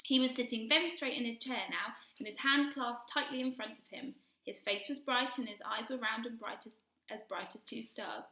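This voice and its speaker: A woman reading a children's storybook aloud in soft, hushed narration. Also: fairly high pitch, normal speed, few pauses. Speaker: reader. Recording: echoey room.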